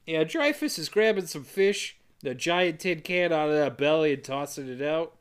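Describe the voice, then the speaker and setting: Higher-voiced man recapping a movie. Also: animated, smooth. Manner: brisk storyteller quoting characters in quick voices. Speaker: podcast co-host. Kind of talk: casual movie recap chat.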